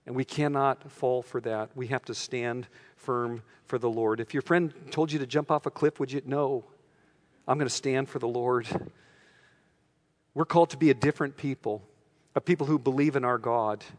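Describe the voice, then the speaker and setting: A man's voice: medium pitch, fairly quick, big-room sound. A man preaching a sermon as a pastor, earnest and conversational, acting out the quoted lines with feeling.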